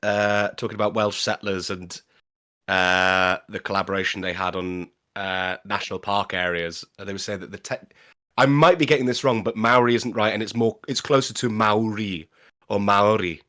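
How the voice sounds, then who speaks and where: Guy with a lowish voice chatting on a stream, hedges a lot, not sure of himself. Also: level tone, moderate pace, bright, forceful tone. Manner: chatty, hedging and tentative. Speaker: podcast co-host, voice actor. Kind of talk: casual chat on a live stream.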